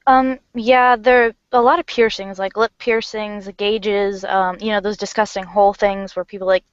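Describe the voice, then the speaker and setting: A woman's voice: medium pitch, steady tone, moderate pace, clean tone, no room sound. A young woman, likely still in school, talking bluntly and scornfully as a guest in a casual livestream chat. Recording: dry, dull lo-fi audio.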